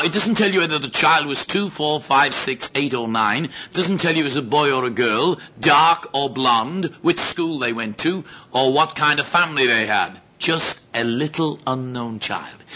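A man preaching a sermon, telling stories and acting out the voices of the people in them. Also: medium pitch. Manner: lively, acts out quoted voices. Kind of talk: sermon with storytelling. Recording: dull lo-fi sound with faint noise.

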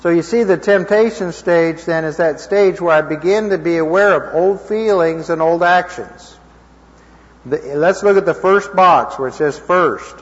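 A man giving an informal Bible teaching to a live group, conversational and checking in with his listeners, his voice a little hoarse. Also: fairly high pitch, unhurried. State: slightly hoarse. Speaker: preacher teaching a class. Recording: dull lo-fi recording in a reverberant hall.

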